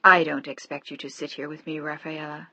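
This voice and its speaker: A woman voicing a frail, bedridden elderly husband who speaks softly, wearily and tenderly. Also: deep voice, little pitch movement, fairly quick, no room sound, muffled recording, heavily acted. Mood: weary tender. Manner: soft, weary, affectionate.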